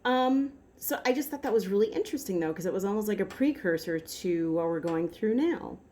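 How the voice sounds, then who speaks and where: A woman vlogger talking casually to her viewers, rambling through the story with plenty of "like" and "um." Her voice is mellow and warm, sitting in a mid range. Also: mid-range voice, expressive, brisk. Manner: rambling, with frequent "like" and "um". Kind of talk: casual chat.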